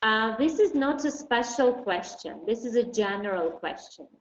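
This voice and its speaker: A woman teaching an online English lesson. She explains patiently and slowly, with many fillers. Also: fairly high pitch, expressive. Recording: dull roomy recording, faint noise.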